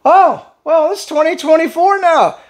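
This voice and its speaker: A man's voice: extremely high pitch, measured pace. A man ranting fired-up in political commentary, hosting his own channel. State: in pain from a neck injury.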